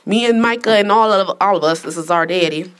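A woman's voice: lowish voice, brisk, a bit bright. A young woman hosting a casual podcast, teasing and laughing through the banter. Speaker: podcast host. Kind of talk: casual chat.

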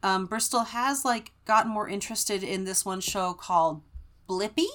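A young woman co-hosting a casual podcast chat, telling stories in an animated way. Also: mid-range voice, moderate pace. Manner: animated storytelling, mimics voices when retelling. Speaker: podcast co-host.

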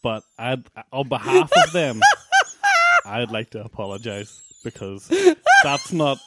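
A man's voice: medium pitch, animated, a little slow, heavy background noise. A man co-hosting a podcast in casual chat, talking in a hesitant, sheepish, apologetic way. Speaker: podcast co-host and editor.

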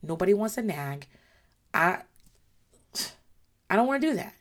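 Blunt, swearing mom with a tired voice. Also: female voice, medium pitch, big pitch swings, normal speed. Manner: blunt, frank, swears freely. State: voice wearing out. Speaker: parent giving advice. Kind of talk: casual chat.

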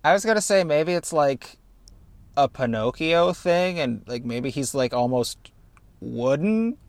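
A man's voice: a little high, animated, measured pace, no room sound. Rambling, self-mocking podcast host guy. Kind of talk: casual comedic chat.

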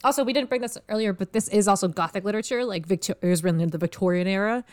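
Brief: woman co-host, laughing, halting, casual chat. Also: mid-range voice. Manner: laughing, halting, short agreements. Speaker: podcast co-host.

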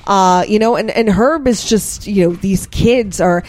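A young adult woman co-hosting a casual podcast chat, telling stories with building excitement. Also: medium pitch, unhurried. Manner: animated storyteller, builds excitement.

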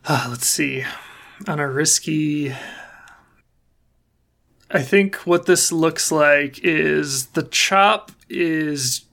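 A game master narrating a tabletop game in a relaxed, rambling way with many fillers. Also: medium pitch, very slow, vocal fry, long pauses.

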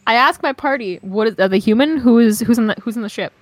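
A woman's voice: a little high, fast talker. A woman playing a tabletop game, talking casually in a rambling way with many restarts. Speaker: player. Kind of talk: tabletop role-play chat.

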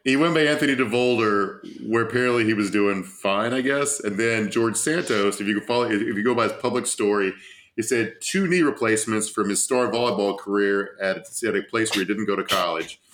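A man's voice: fairly low pitch, brisk, fairly bright tone. A man co-hosting a casual podcast, telling stories in a sardonic, profane way and laughing as he talks. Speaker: podcast co-host. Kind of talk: casual political chat.

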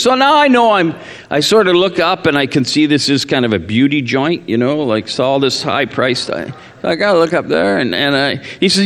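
A man's voice: fairly high pitch, normal speed. A male pastor praying earnestly, then telling a self-deprecating, humorous story from the pulpit. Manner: earnest in prayer, animated and self-deprecating in anecdotes. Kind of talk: sermon with prayer and humorous storytelling. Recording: echoey church hall.

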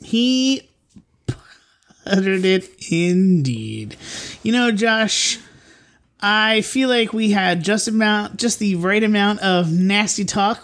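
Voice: mid-range voice, slow, a bit bright. A podcast host in loose, comedic conversation with a co-host. The talk is playful and jokey, and it wanders through restarts and self-corrections as the host circles back on their own words. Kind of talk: casual comedic podcast chat.

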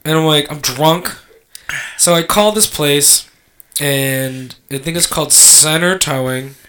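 Guy telling a story, bright and a bit high, lively and profane. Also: a little slow. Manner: animated, profane, acts out quoted lines. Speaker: podcast co-host telling a story. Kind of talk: casual storytelling chat.

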